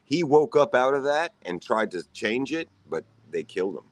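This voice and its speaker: A man talking casually on a livestream, animated and profane, with conspiratorial asides. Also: medium pitch, moderate pace, no room sound. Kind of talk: casual chat.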